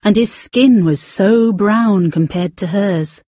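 A woman reading a novel aloud as narrator, expressive and slowing down to stretch out key words. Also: mid-range voice, husky, no room sound, studio quality. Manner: expressive, with drawn-out emphasis. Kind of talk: scripted audiobook narration.

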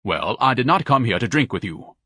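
A man's voice: mid-range voice, very animated, brisk, sharp tone, breathy edge, no echo, studio quality, heavily acted. A male narrator voicing a pompous, fussy man who is easily outraged, speaking muffled through a scarf. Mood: haughty.

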